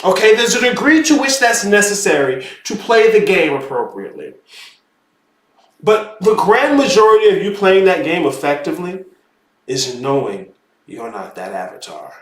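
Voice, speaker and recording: A man teaching spirituality in a casual, animated lecture, emphatic and profane, who keeps calling the listener "bro". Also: high-pitched, normal speed. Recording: roomy echo.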